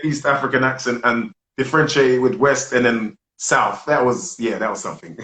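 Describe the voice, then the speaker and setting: A man's voice: medium pitch, moderate pace, bright, forceful tone, reverberant. A man hosting a casual live chat over a video call, exuberant and prone to repeating himself. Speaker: host.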